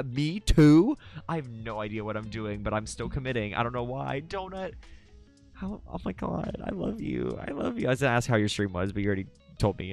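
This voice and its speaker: An excitable young man hosts a late-night stream and chats casually with viewers. His pitch moves all over the place, and his talk jumps into loud high squeals. Faint music plays behind him. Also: gravelly. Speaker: livestream host.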